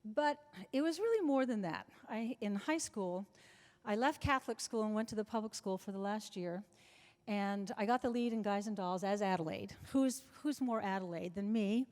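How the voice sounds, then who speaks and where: A woman in her seventies with a mid-range, darkish voice speaks at a normal speed as a guest in a live interview. Before an audience in a large club function room, she tells long, chatty anecdotes, restarting often. The recording echoes like a reverberant hall.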